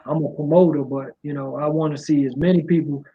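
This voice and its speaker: A middle-aged man from Washington, D.C. talks with a soft drawl, in a loose, rambling style full of "you know" fillers. His voice sits a little high for a man. The recording sounds muffled and dull. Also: steady tone, quick pace, slightly rough. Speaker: music promoter and guest. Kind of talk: casual interview. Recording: muffled low-fidelity sound.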